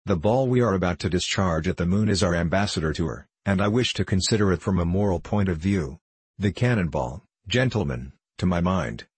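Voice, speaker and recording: Man doing an excitable club secretary, deep voice, big grand speechifying. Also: breathy edge, no room sound. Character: fervent, emotional male gunnery club secretary.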